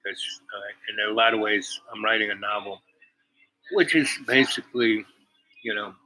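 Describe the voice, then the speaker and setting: A man's voice: on the low side, steady tone, normal speed, bright, forceful tone, poor audio. A man hosting a vlog, telling stories and musing in a meandering, casual monologue. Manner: meandering storyteller, drifting between anecdote and musing. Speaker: vlog host.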